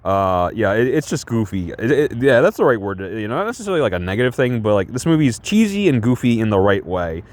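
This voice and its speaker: A man's voice: lowish voice, very animated, fast talker, few pauses, darkish tone. A man casually talking through a movie he reviews, rambling with lots of fillers and restarts and chuckling often. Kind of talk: casual film review chat.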